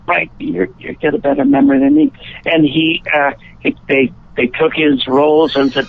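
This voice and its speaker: Over a tinny phone line, a Chicago actor and musician with a gravelly, somewhat high voice rambles through anecdotes at a moderate pace. It's a casual interview, and he frequently restarts his sentences.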